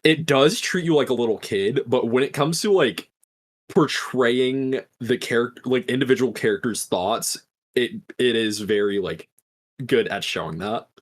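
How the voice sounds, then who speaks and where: A man's voice: mid-range voice, normal speed. A man hosting a podcast, recapping a film in a casual, swearing storytelling style. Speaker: podcast host.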